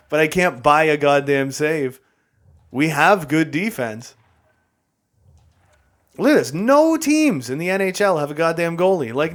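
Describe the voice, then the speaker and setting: A young man talks through his hockey game in a loose, running commentary, slightly higher-pitched than most men. He grumbles, mocks himself and laughs off his losses as he goes. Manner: frustrated, exasperated, self-mocking with frequent laughs. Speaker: gaming YouTuber. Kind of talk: casual gameplay commentary.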